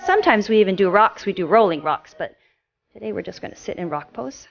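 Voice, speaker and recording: A woman instructor gently guiding children through a yoga class with encouraging, sing-song cues. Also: mid-range voice, lively intonation, quick pace, gravelly, dull audio.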